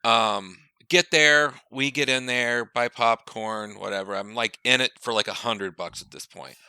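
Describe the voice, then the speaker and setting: A man's voice: medium pitch, measured pace, clean tone, no echo. A man on a podcast telling a long, profane anecdote, acting out the people he quotes. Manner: animated, profane storyteller who acts out quoted dialogue. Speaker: podcast co-host. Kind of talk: casual chat, long anecdote.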